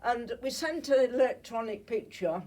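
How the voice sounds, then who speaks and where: Older woman in her eighties, from Germany, husky breathy voice, slight cold, slide talk to an audience, chatty, checks in with listeners. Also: fairly high pitch, animated, normal speed, dark tone, far from the mic, poor audio. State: has a cold. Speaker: Holocaust survivor speaker.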